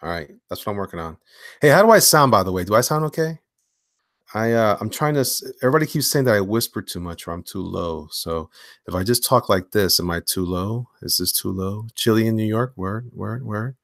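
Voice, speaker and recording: A man hosting a casual live stream from his home studio while drawing, talking in slang and swinging between hyped greetings and low mumbles. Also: a little fast, dry recording. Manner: animated, slangy, hyped one moment and mumbling low the next. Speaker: livestream host and comic illustrator.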